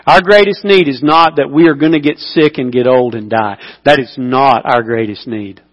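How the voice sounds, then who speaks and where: A man preaching a sermon as pastor, telling stories with lively emphasis and dropping to a hushed voice. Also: medium pitch, moderate pace, dull audio. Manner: animated storytelling, swings between loud emphasis and hushed intimacy. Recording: long hall reverb.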